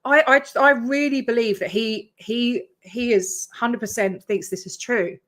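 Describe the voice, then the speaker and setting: A woman's voice: a little high, fairly even intonation, measured pace, fairly bright tone. An Australian woman chatting on a casual reaction stream, blunt and swearing, laughing in disbelief. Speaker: streamer reacting to her own video.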